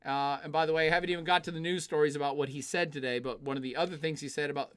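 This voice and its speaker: A man hosts a live stream, reading viewer questions aloud and answering them in a blunt, opinionated, off-the-cuff way. His voice sits a little high and comes through smooth and clear. He fills his pauses with frequent filler sounds and swears freely. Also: steady tone, fairly bright tone. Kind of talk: casual live-stream commentary.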